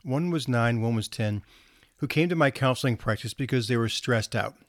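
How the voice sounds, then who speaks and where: In a storytelling session for parents, a man who works as a counselor talks comfortably and conversationally, stopping to restart small phrases. His voice is medium in pitch at a moderate pace, captured in clean studio sound with no echo.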